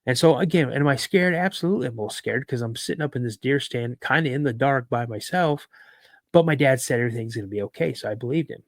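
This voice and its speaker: Male podcast guest, lively storyteller, mid-pitched, dry close mic. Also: fast talker, dry recording. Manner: lively storyteller, repeats words for emphasis. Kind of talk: recounting a personal encounter story.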